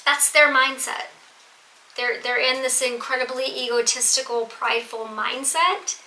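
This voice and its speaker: A woman reads tarot cards for her audience in a high, very bright voice. She is earnest and emphatic and often repeats a phrase to drive it home. The room is echoey, with a faint hiss underneath. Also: fairly even intonation, unhurried. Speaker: tarot reader. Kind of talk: tarot reading to viewers.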